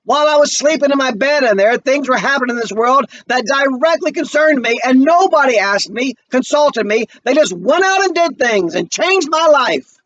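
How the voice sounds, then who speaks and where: Man voicing a heated young woman idealist, pitched up high, muffled lo-fi audio. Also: animated, normal speed, a bit bright. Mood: impassioned.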